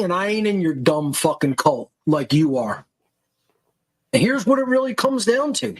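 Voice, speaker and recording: A man's voice: high voice, poor audio. Profane, berating male podcast host. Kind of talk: angry monologue rant.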